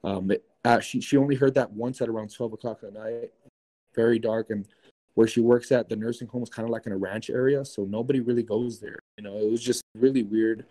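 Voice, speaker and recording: A young man recounts a strange night in loose, animated talk, packed with fillers and swearing. His voice is warm and dark, and his pitch sits in an ordinary middle range. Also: brisk, poor audio. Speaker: guest. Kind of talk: casual storytelling.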